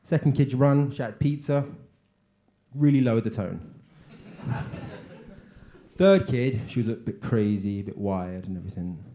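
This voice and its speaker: A man performing a stand-up comedy set on stage, telling stories flatly with sudden shouted lines. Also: lowish voice, moderate pace, long pauses. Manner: deadpan storytelling with sudden shouted punchlines.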